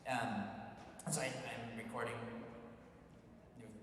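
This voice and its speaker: A man's voice: medium pitch, slow pace. A man, a voice actor, telling jokey stories at a convention Q&A panel in a large hall. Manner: animated, jokey storytelling. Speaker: voice actor guest. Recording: echoey hall, far from mic, noisy.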